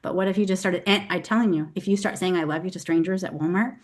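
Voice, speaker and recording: A woman's voice: fairly low pitch, fast talker. A middle-aged woman hosting a motivational talk, earnest and emotional as she tells stories to her listeners. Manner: earnest, emotional, animated storytelling. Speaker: host.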